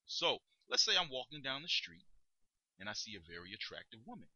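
A man coaching listeners on tone of voice, explaining and demonstrating in a lively instructional monologue. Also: mid-range voice, a little fast, no echo, muffled recording. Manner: demonstrates tones, emphatic and lively delivery. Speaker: dating coach.

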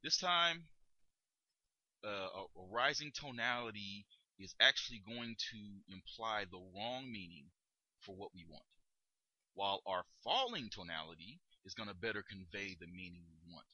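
Male instructor, bright forceful voice, animated pitch, dull lo-fi recording. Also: normal speed, no echo. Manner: demonstrates tones, emphatic and lively delivery. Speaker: dating coach. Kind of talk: instructional monologue.

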